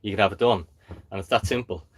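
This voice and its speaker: A man's voice: lowish voice, fast, breathy edge. A man hosting a live stream, talking bluntly and emphatically and often checking in with "okay?". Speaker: crypto channel host.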